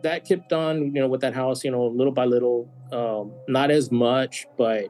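A man's voice: medium pitch, fairly even intonation, normal speed, a little mellow. Guest storyteller from San Antonio: casual, rambling man with a mid-range voice, guitar music behind him. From San Antonio, Texas. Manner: rambling, full of "you know" and restarts. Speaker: podcast guest.

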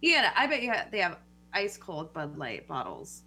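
Woman, mid pitch, bright crisp tone, emphatic casual talker. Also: wildly swooping pitch, moderate pace. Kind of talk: casual chat.

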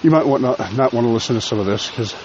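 A man's voice: mid-range voice, fast, highs cut off, background noise. A man hosting a casual solo podcast, chatty and self-deprecating, a little out of breath as he walks outdoors. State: slightly out of breath from walking. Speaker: podcast host. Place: outdoors while walking.

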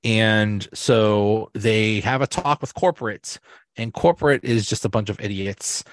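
A man's voice: fairly low pitch, measured pace, no room sound, clean studio sound. A man hosting a podcast, recapping TV episodes in a casual, rambling way with lots of fillers and restarts. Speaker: podcast host.

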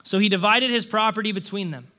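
A fast-talking young male pastor, his voice sitting high and sounding pushed and bright, reads a scripture story to his congregation. He follows it with earnest, conversational talk full of restarts and "right?" asides.

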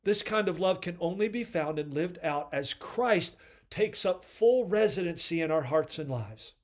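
A man's voice: high voice, lively intonation, measured pace. A man hosting a devotional podcast, earnestly preaching and commenting on quoted readings. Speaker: podcast host.

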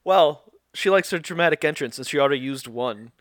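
A man's voice: a little high, animated, fairly quick, a bit bright, no room sound, studio quality. A man co-hosting a podcast, recapping a show in casual chat, rambling and laughing often.

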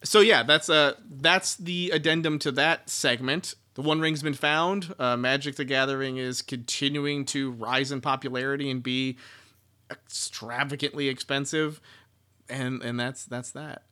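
A man's voice: mid-range voice, steady tone, measured pace, sharp tone. A man co-hosting a casual book-discussion podcast, rambling and laughing, with lots of restarts. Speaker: podcast co-host.

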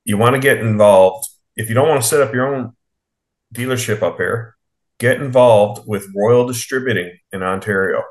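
A man's voice: medium pitch, normal speed. A man co-hosting a podcast, emphatically pressing a recommendation. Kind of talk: casual podcast chat. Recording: roomy echo.

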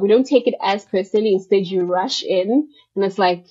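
A woman's voice: mid-range voice, a little fast, hardly any pauses, mellow, husky. A woman guest on a podcast, explaining her ideas at length in a thoughtful, casual way with many fillers. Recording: muffled lo-fi audio.

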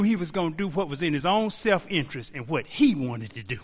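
A man preaching a sermon as pastor, rising to shouts and slowing into drawn-out pauses. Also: a little high, animated. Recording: lo-fi audio with long reverb.

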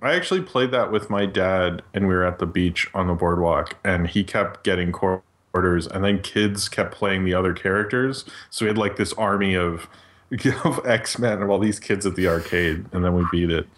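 A man's voice: sits low, normal speed, fairly bright tone. A man co-hosting a podcast, chatting casually in a rambling, joking way that keeps interrupting itself. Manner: rambling, jokey, self-interrupting. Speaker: podcast co-host. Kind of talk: casual chat.

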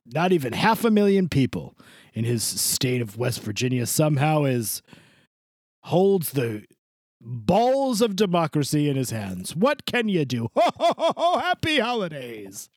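A man's voice: fairly high pitch, huge pitch swings, unhurried, a little mellow, no echo, studio quality. A man playing a foul-mouthed, boastful Santa Claus who rambles and laughs, his voice swooping up and down in a creepy way. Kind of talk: improvised comedy podcast bit.

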